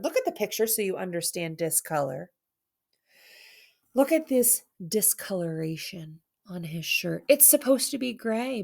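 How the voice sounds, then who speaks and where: A woman's voice: mid-range voice, gravelly. A woman teacher giving an online reading lesson for children, playful and theatrical, with dramatic mock sadness.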